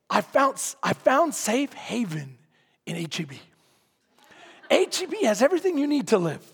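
A preacher from San Antonio, Texas, telling a story in a sermon to his congregation, animated and often shouting, then quiet and earnest. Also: very high-pitched. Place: large hall, speaking to a congregation. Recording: long hall reverb.

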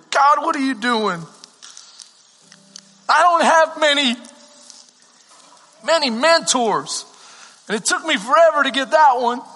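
A man preaching from the pulpit with a high, bright, husky voice, carried by long church hall reverb. He tells his stories with emotion, switching into hushed quoted voices. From Texas. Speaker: pastor. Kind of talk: sermon.

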